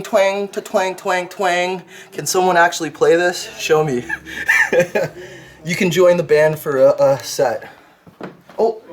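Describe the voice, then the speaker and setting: A man casually showing viewers around a shop, chatty and quick to laugh. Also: fairly high pitch. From Canada. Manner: chatty, laughs often, uses "check this out". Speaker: vlog host touring a shop. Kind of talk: casual walkthrough chat.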